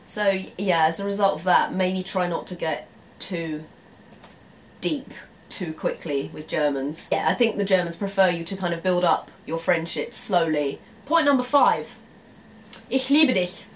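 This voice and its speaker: A woman's voice: on the low side, unhurried, slight background noise. Chatty English woman vlogger. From England. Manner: chatty, laughs often, acts out quoted reactions. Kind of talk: casual storytelling to camera.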